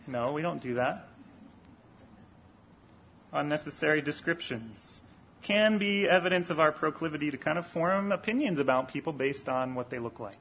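A man preaching a sermon in an earnest, deliberate way, rising for emphasis on key points. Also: a little high, animated, dull audio, slight background noise.

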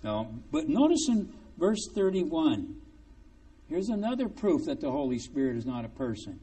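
A man preaching a sermon in a lively, conversational way, with joking, sarcastic asides. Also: fairly high pitch, normal speed, distant mic.

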